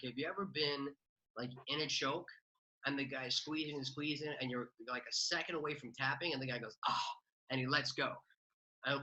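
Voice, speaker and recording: Chatty guy on a podcast, super bright voice, says like a lot. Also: medium pitch, poor audio. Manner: fast, chatty, many "like" fillers. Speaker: podcast guest, real estate investor. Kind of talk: casual interview talk.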